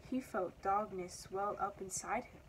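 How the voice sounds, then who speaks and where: A young woman reads a children's picture story aloud in a mid-pitched, evenly paced voice. Her storytelling is steady and expressive, with a faint hiss of background noise. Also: measured pace, rough recording. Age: teenager or young adult. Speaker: student reader.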